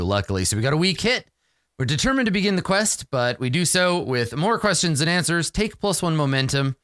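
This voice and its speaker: Man, solo tabletop narrator, casual, self-mocking, smooth voice, dry close sound. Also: mid-range voice, bright, forceful tone, dry recording. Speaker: solo game player and narrator.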